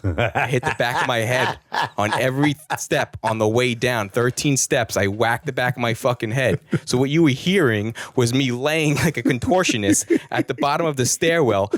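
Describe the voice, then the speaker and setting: A man's voice: mid-range voice, moderate pace, no echo, studio quality. A man in casual chat, telling a crude, rambling story with many restarts.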